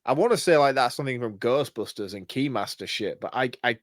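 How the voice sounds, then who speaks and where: A man's voice: mid-range voice, animated, brisk, dry recording, clean studio sound. A man co-hosting a podcast in casual chat, laid-back and easily stumped, often laughing. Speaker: podcast co-host. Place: podcast studio.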